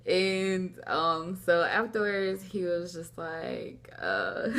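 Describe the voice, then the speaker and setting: A woman's voice: lowish voice, sing-song, extremely slow, fairly bright tone. A young woman vlogging at home, telling a personal story in a rambling, casual way, acting out what people said. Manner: rambling, lots of "like", acts out quoted dialogue. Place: at home, indoors.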